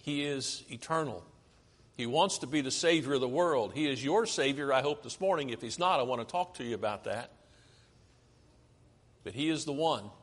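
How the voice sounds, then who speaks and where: A man's voice: mid-range voice, a bit bright, breathy edge. Preacher man in a reverberant hall. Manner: asks the congregation questions and answers them himself. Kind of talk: sermon with slides. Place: church sanctuary.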